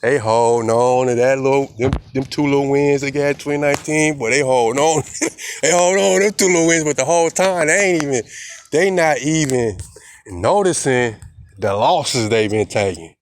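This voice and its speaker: A young man with a medium-pitched voice rambles defiantly at a moderate pace in a casual vlog monologue, repeating himself and swearing a lot with heavy slang. A little hiss or hum is audible.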